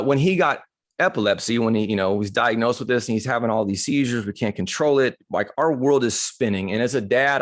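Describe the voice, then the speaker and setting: A man speaks at a medium pitch in a studio-quality recording with no room sound. As a motivational speaker, he tells personal stories casually, candidly, and with humor, keeping it conversational and acting out the dialogue.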